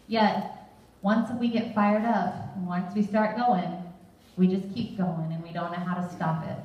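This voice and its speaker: A woman's voice: fairly low pitch, dull audio. A woman giving a sermon-style Bible teaching, talking earnestly and conversationally. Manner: earnest, conversational, quotes scripture. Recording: very echoey room from far off.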